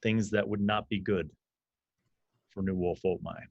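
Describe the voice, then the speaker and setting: A man voicing a solemn male ritual leader who speaks in measured, formal warnings. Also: sits low, steady tone, creaky, breathy edge, no echo, highs cut off, heavily acted. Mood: grave.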